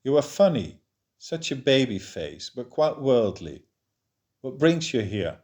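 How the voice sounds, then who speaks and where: A man's voice: medium pitch, very animated, unhurried, darkish tone. A man reading the lines of a suspicious, dismissive male rock singer in a storybook, with a cool, scornful manner. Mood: relaxed.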